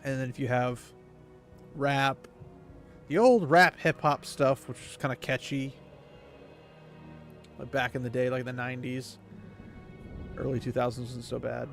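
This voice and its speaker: Gravelly-voiced man chatting over a game. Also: mid-range voice, fairly even intonation, measured pace, long pauses, faint music behind. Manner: rambling, chatty, lots of fillers. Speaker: gaming streamer. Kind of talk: casual chat while playing a video game.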